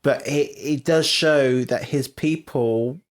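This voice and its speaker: A podcast co-host, chatting casually and curiously asking a steady stream of questions. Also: mid-range voice, takes it slowly. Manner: curious, asks lots of questions. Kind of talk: casual chat.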